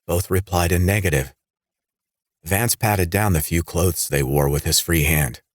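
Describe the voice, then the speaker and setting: A man reading a horror audiobook in steady scripted narration. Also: sits low, a little slow, no room sound, clean studio sound.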